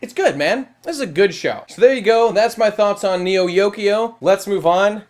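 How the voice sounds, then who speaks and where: A man's voice: high-pitched, normal speed. A man giving a casual, opinionated review, in a wry rant full of swearing and filler words. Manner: profane, wry, animated rant with frequent filler "like". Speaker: online video reviewer.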